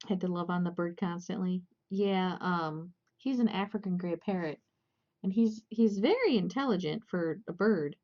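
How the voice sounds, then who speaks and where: A woman's voice: lowish voice, normal speed. Chatty young woman rambling on a lo-fi stream. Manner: rambling, chatty, many fillers and restarts. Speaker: crochet livestream host. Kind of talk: casual chat while crocheting.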